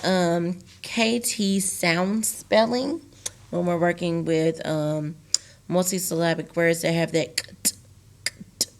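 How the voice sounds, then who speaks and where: A woman teacher recording a lesson for young students, slowly sounding out words syllable by syllable and talking to the class directly. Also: on the low side, gravelly.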